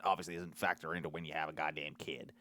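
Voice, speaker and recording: A man's voice: a bass voice, level tone, quick pace, bright, forceful tone. A man co-hosting a podcast in casual chat, hesitant, often restarting and hedging his points. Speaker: podcast co-host.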